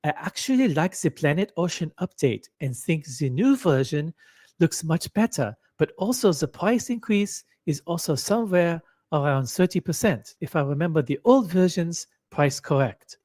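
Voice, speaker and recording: A man putting on a mock German accent to play an earnest male watch vlogger, with slow, exaggerated parody delivery. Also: a little high, animated, a little mellow, dry recording, clean studio sound. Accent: put-on German.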